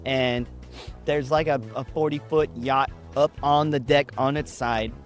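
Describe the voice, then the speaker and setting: A man's voice: mid-range voice, steady tone, measured pace, soft background music. Wry man spinning a casual yarn. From Texas. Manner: wry, profane, laid-back. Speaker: storyteller. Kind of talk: casual storytelling.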